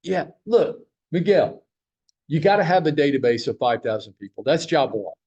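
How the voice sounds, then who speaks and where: A man's voice: fairly high pitch, expressive, moderate pace, a little mellow, husky, lo-fi sound. Teasing man leading a sales huddle. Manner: teasing, joking, fires rhetorical questions at the room. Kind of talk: live training talk to a room.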